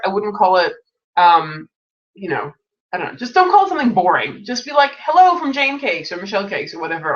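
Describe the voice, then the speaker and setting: A woman's voice: mid-range voice, fairly bright tone. A woman with a stuffy, nasal voice from being unwell, hosting a casual live Q&A and giving chatty advice full of restarts and asides. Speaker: webinar host answering questions. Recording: distant mic, dull lo-fi sound.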